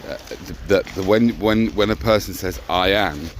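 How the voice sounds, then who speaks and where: A man's voice: low-pitched, moderate pace, slight background noise. A man in a reflective conversation who talks hesitantly, often repeating words and restarting. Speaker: co-host of a personal growth talk.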